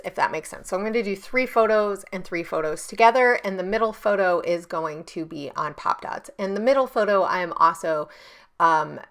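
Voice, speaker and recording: A woman's voice: lowish voice, gravelly, fairly bright tone. A woman in her thirties chatting through a scrapbooking tutorial at her home desk, rambling with ums and self-corrections. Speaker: scrapbooking YouTuber. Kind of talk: casual crafting tutorial. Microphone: camera on a stand on her desk.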